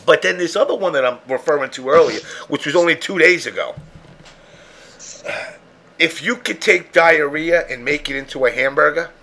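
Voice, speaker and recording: Brief: male podcast host, a bit high, tense and bright, rough gravelly edge, profane storyteller. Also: normal speed. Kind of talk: casual chat.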